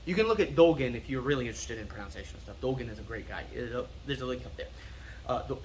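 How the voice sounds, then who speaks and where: An American martial arts instructor explaining terms in a casual teaching style. He is self-confessedly nerdy and repeats words slowly to drill their pronunciation. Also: mid-range voice, animated, a little hiss or hum. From United States.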